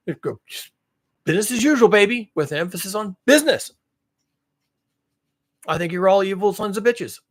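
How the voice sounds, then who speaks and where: Man, angry rant, profane and mocking, fairly high voice, repetitive build. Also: a bit bright. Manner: mocks others in sarcastic voices. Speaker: climate commentary channel host.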